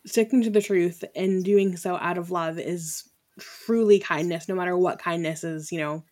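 A woman in her thirties hosting a faith podcast. She speaks in a chatty, affirming way, asking questions and making quick asides. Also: on the low side, steady tone, darkish tone. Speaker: podcast host. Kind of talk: casual faith podcast conversation.

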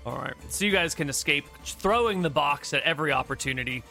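A man acting as game master, narrating a tabletop game over an online voice call in a relaxed, joking way with long run-on sentences. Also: on the high side, fast talker, gravelly, faint music behind.

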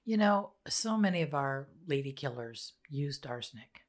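A woman's voice: a bass voice, lively intonation, normal speed. A middle-aged woman, mother of a co-host, chatting in a rambling way about true crime on a podcast. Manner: chatty, rambling, trails off mid-sentence. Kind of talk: casual true-crime chat.

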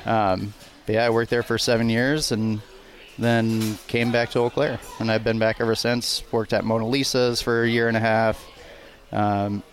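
A man's voice: fairly low pitch, slight background noise. A man, a guest chef, talking casually and plainly about his work history. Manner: easygoing, plain-spoken, slow and even. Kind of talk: casual interview chat.

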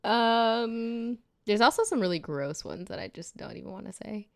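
A woman's voice: medium pitch, animated, moderate pace, creaky, no echo, clean studio sound. A woman co-hosting a podcast in casual chat, telling jokes and laughing often. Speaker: podcast co-host.

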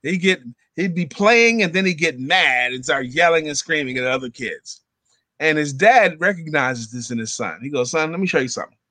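Bright-voiced man telling a parable. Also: fairly high pitch, moderate pace, no echo. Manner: animated storyteller acting out quotes. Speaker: guest. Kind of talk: storytelling a parable.

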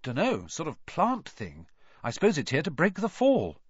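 Man voicing a brave schoolboy wizard, earnest and lively, dull dry audio. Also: a little high, moderate pace, slightly rough, no room sound, pitched above the performer's own voice, full character voice.

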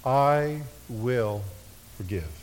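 A man preaching a sermon, leading his congregation in call-and-response and slowing to a hush on key phrases. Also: medium pitch, lively intonation. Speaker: pastor. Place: church sanctuary. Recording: echoey worship hall.

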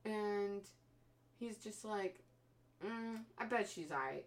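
A woman's voice: medium pitch, takes it slowly, far from the mic, slight background noise. A woman casually retelling a horror film plot, swearing freely and mimicking the characters' voices. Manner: profane, animated storytelling with mimicked voices.

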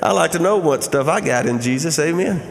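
A man's voice: a little high, expressive, brisk, vocal fry, long reverb tail. A middle-aged male pastor preaching a sermon in a conversational way, often asking the crowd "Amen?".

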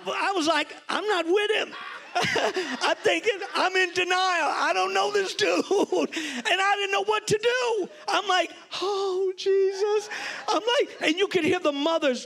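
A pastor preaching a sermon, telling a story with loud, animated exclamations. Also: male voice, very high voice.

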